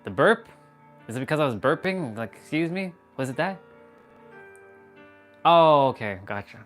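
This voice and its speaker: A man's voice: on the high side, big pitch swings, normal speed, a bit bright, faint music behind. A man chatting casually on a phone live stream, goofy and joking, poking fun at himself. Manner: goofy, joking, self-mocking.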